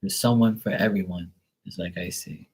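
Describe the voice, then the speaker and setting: Brief: low-pitched man, blunt and foul-mouthed, rambling casual tarot streamer. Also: steady tone, normal speed, darkish tone. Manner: blunt, profane, rambling storyteller. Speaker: tarot reader. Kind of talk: casual live stream chat.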